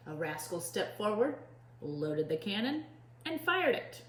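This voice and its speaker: A woman teacher reading a storybook aloud to children with expressive storytelling. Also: lowish voice, measured pace. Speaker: preschool teacher. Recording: echoey room.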